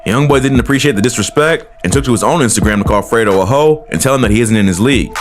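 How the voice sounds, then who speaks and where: A man's voice: medium pitch, quick pace, over music. A man reading a scripted documentary narration in a matter-of-fact way.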